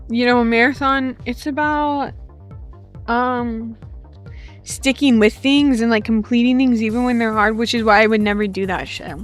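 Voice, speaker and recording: Woman streamer, rather high voice, joking rambling banter, slangy gaming talk. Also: steady tone, moderate pace, faint music behind. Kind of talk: casual gameplay commentary.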